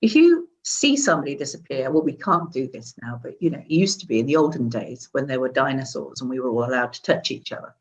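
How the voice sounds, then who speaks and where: A woman talking as a wellbeing specialist in a casual conversation, animated and demonstrative, laughing often. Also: rumbling low, fast, hardly any pauses, highs cut off. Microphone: seated at a chair.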